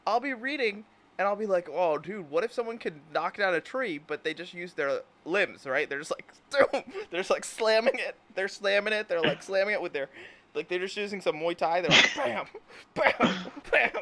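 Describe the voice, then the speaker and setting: This host's voice is high-pitched, brisk, pushed, and bright. Hosting a casual chat, he rambles through stories, keeps laughing through his words, and acts out silly lines he imagines, all in a giggly way.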